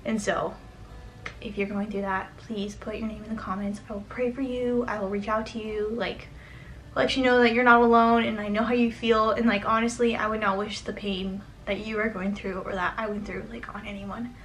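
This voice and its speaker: A woman's voice: mid-range voice, flat delivery, normal speed, a bit bright, slight background noise, poor audio. A young woman giving a sit-down vlog update, talking in an earnest, chatty way with plenty of "like" fillers. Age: young adult. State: getting emotional, close to tears. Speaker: vlogger.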